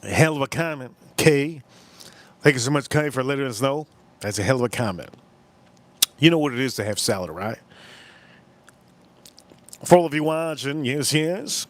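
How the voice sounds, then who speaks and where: A man's voice: normal speed, pauses often. A man hosting a whiskey livestream, reading chat comments aloud with crude jokes and rambling asides. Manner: animated pitch swings, pitch jumps up when exclaiming. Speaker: livestream host reviewing whiskey.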